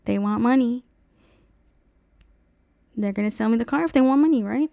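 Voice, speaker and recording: A young woman streamer telling a dealership story in a casual, profane rant, acting out the people she quotes in loud high voices. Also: moderate pace, vocal fry, no room sound, clean studio sound.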